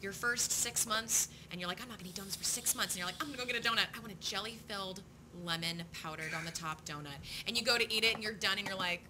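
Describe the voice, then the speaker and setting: A woman's voice: mid-range voice, fast talker, few pauses, background noise. A woman telling a casual story on a comedy podcast in a chatty, giggly way. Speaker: podcast co-host.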